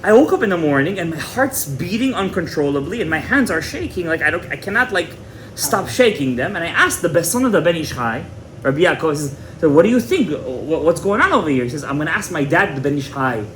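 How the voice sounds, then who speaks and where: A man's voice: a little high, very animated, fast talker, fairly bright tone, a little hiss or hum. A man teaching a Torah class as a rabbi, retelling a story dramatically, repeating words and mixing in Hebrew terms. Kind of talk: animated storytelling lecture.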